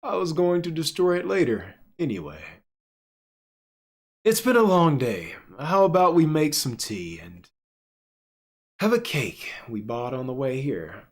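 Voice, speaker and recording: Soft, lively-toned dad figure, a tired gentle novelist, read aloud by a man. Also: fairly high pitch, a little slow, pauses often, exaggerated voice. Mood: soothing.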